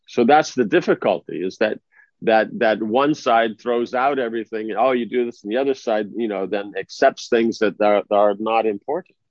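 In a slightly dull, dry lo-fi recording, a spiritual teacher's voice, on the low side and at a normal speed, offers an informal discourse. He talks conversationally and frequently makes sure his listeners understand.

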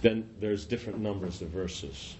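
A man's voice: fairly low pitch, normal speed, noisy background. A man teaching an informal class, rambling and conversational, often saying "you know".

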